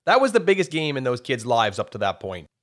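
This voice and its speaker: Male interview host, engaged and encouraging, lively pitch. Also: fairly quick. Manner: engaged, laughs along, prompts guest. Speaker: podcast host. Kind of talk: interview conversation.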